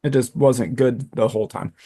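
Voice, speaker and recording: A man's voice: mid-range voice, fairly even intonation, moderate pace, warm tone, slightly rough. A man co-hosting a casual comics chat, laid-back and given to jokes. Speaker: podcast co-host.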